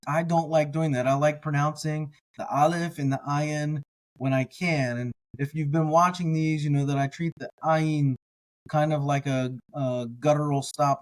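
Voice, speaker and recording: Male teacher, very slow pace, sounds out syllables one by one, relaxed explainer. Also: a little high, low-quality recording. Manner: slow, careful syllable-by-syllable pronunciation with casual asides. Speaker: biblical language teacher. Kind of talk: slow word-by-word reading lesson.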